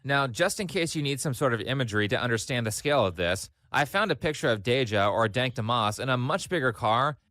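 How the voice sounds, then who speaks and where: A man reading scripted commentary in a deadpan, matter-of-fact way. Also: medium pitch, a little fast, hardly any pauses, dry recording, clean studio sound. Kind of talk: scripted narration.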